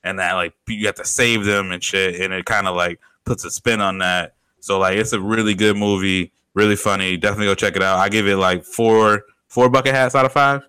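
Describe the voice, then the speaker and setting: A man's voice: fairly low pitch, fairly even intonation, a little fast, few pauses, sharp tone, smooth, no room sound. A young man co-hosting a podcast, talking in an easygoing, slangy way and laughing often. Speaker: podcast co-host. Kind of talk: casual chat.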